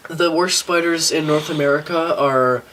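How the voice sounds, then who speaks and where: A man's voice: on the high side, fairly even intonation, normal speed, a bit bright, a little hiss or hum. A young man co-hosting a podcast, explaining things in a blunt, swearing, matter-of-fact casual chat. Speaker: podcast co-host.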